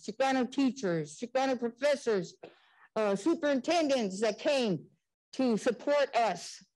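An older woman on a community panel, recalling her school years in animated storytelling and acting out the quoted voices. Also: fairly high pitch, poor audio. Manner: animated, acts out quoted dialogue.

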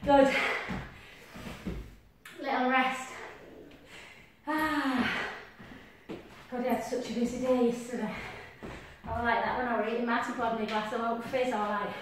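High-voiced woman instructor. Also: steady tone, unhurried, pauses often. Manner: upbeat, counting out reps with whoops. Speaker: fitness instructor. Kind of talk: leading a workout class. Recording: echoey distant room with noise.

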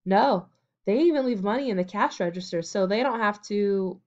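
A woman's voice: medium pitch, moderate pace, natural voice. A shy teenage boy who mumbles his answers , read by a woman close to her own voice. The tone stays middling and unforced, and the sound is a bit dull and muffled. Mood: defensive. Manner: mumbling, hesitant. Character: quiet, timid teenage boy.

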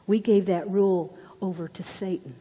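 A woman's voice: mid-range voice, fairly even intonation, normal speed, dark tone, slightly rough, big-room sound. A woman preaching a sermon with dramatic storytelling, dropping to whispers for emphasis. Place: church.

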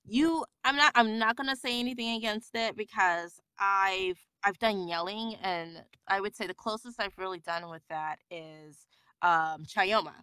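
A woman who voices characters, chatting as a podcast guest in an animated way, with frequent laughs and stop-start sentences. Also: mid-range voice, measured pace, clear, resonant tone, no room sound. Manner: animated, laughing, trailing restarts. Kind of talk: casual interview chat.

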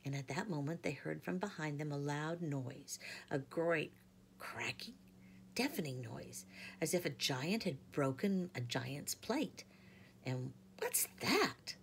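Woman reading a storybook aloud, low voice, gravelly and husky, hushed, half-whispered. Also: animated, unhurried, slight background noise. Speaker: teacher.

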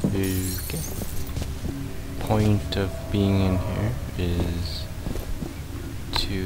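A man's voice: on the low side, steady tone, slow, pauses often, loud music behind the voice, rough recording. A man giving jumpy, profane commentary as he plays a horror shooter, muttering nervously to himself. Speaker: gamer. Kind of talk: gameplay commentary.

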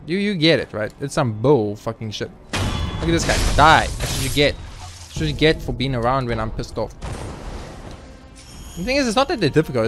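A young man commentating his own gameplay, swearing freely and ranting in frustration, sometimes shouting at the game. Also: mid-range voice. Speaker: let's play gamer. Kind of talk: gaming commentary. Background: faint game music.

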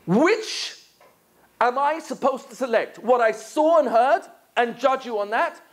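A man's voice: very high-pitched, measured pace. Male rabbi from england teaching a crowd, voice jumps up and down a lot, asks tons of questions. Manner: animated, many rhetorical questions. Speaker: rabbi, lecturer. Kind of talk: lively lecture to an audience.

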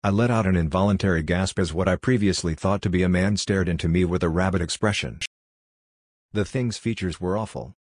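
A man narrates a horror story in a very low, deep voice, measured and subdued. The sound is dry and close, with no room around it. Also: no echo.

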